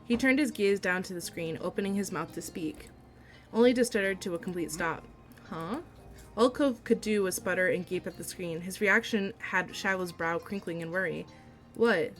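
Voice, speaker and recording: A woman streamer reading a visual novel aloud, breaking into gushing, excitable outbursts. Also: on the low side, fairly quick, faint music behind.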